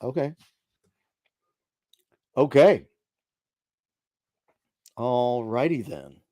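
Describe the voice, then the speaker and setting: A man's voice: mid-range voice, measured pace, a little mellow, dry recording, studio quality. Laid-back man chatting on a livestream. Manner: chatty, laid-back, reads chat aloud. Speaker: livestream host. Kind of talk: casual live chat reading viewer comments. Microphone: desk microphone.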